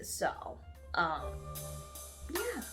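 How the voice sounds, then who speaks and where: A woman's voice: fairly low pitch, wildly swooping pitch, drawn-out words, sharp tone, soft background music. A woman vlogger giving a casual, rambling show review, sassy and calling her viewers honey and darling. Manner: rambling, with many fillers and trailing asides.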